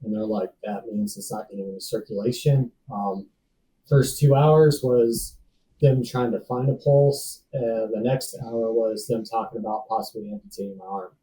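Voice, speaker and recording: Mellow-voiced man telling his story, slangy. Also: lowish voice, fairly even intonation, normal speed, recorded from a distance, slight background noise, low-quality recording. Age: 30s. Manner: laid-back slangy talk, says dude, bro and man. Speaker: podcast guest, safety professional. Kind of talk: casual personal storytelling.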